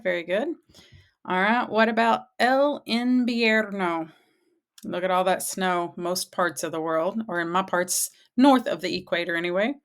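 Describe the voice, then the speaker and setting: A woman teacher leads a vocabulary drill at an unhurried, deliberate pace. She sounds cheerful and encouraging, repeating each word carefully and praising the listener often. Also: medium pitch, fairly bright tone. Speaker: Spanish teacher.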